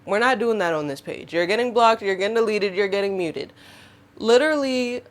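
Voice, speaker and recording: A young woman in her twenties, hosting her own podcast, talks straight to her audience in a casual, expressive way and acts out what people said to her. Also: medium pitch, a little fast. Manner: expressive, animated, acts out quotes. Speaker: podcast host. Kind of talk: casual monologue to camera.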